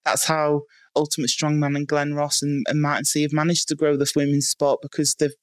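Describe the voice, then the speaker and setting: A woman's voice: low-pitched, little pitch movement, brisk, no room sound, clean studio sound. A woman strongwoman athlete from the UK, answering interview questions frankly with plenty of "um" and "like". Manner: frank, lots of "um" and "like".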